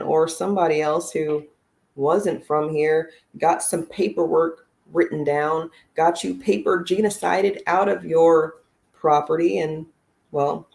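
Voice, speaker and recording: A woman's voice: fairly low pitch, creaky, a little mellow. A woman giving blunt, sarcastic, profane political commentary on a casual livestream.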